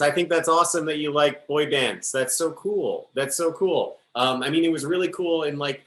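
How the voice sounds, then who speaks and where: A man with a medium-pitched, slightly bright, natural-sounding voice hosts a live improv sketch, playing a fussy, awkward space-station interviewer. He rambles, throwing in "all right?" and "okay?", and the room sounds echoey.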